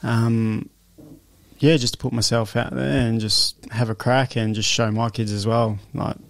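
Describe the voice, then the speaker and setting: Gravelly Australian man in his thirties. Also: mid-range voice, level tone, measured pace, dry recording. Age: 30s. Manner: open and emotional, laughs often. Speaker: guest, amateur boxer. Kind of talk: casual interview chat.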